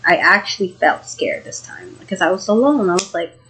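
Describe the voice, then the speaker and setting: Brisk and expressive, her lowish voice husky yet fairly bright, a young woman tells a true scary story in a rambling vlog full of fillers and occasional swearing. She's audibly shaken and emotional, and the audio is poor.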